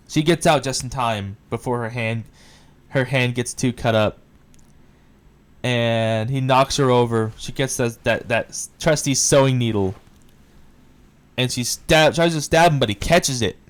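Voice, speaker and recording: A man casually recapping a film's plot for a review, excitable and quick to swear. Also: medium pitch. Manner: excitable retelling, swears often. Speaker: movie reviewer.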